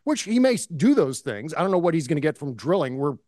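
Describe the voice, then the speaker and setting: A man's voice: a little high, very animated, fast talker, a little mellow, no room sound, studio quality. A man co-hosting a political podcast, talking in an impassioned, indignant way. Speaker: podcast co-host. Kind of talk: casual political chat.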